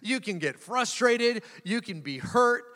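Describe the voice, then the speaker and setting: A man's voice: very high-pitched, expressive, measured pace, sharp tone. A man preaching a sermon as a pastor, moving into spoken prayer and repeating words as he builds emphasis. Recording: long hall reverb.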